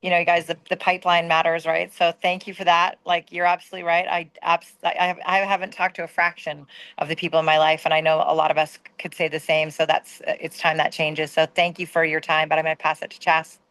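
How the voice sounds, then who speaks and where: Earnest woman with a flat, low voice. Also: a little fast, no echo, low-quality recording. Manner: warm, grateful and earnest. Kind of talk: motivational team call.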